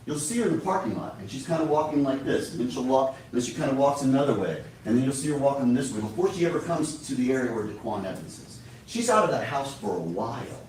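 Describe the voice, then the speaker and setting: A man's voice: medium pitch, big pitch swings, fast, hardly any pauses, a little mellow, distant mic, a little hiss or hum. Emphatic man arguing in an echoey courtroom. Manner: emphatic, persuasive, addresses the jury directly. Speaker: prosecutor. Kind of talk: courtroom closing argument. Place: large courtroom.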